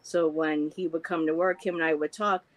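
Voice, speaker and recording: A woman's voice: deep voice, level tone, normal speed, no echo. A woman telling rambling stories in a group chat.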